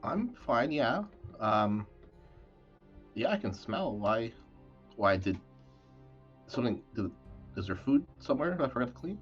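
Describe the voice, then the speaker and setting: A man's voice: mid-range voice, sing-song, unhurried, long pauses, soft background music. A man voicing a doting, worried middle-aged mother who fusses and stammers. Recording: dull lo-fi mic.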